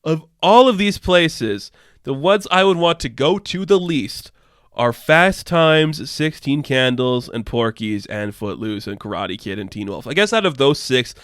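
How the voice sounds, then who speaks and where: A man's voice: medium pitch, animated, unhurried, a bit bright, dry recording, clean studio sound. Profane, exasperated young man ranting. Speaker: podcast host. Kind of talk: casual ranting commentary.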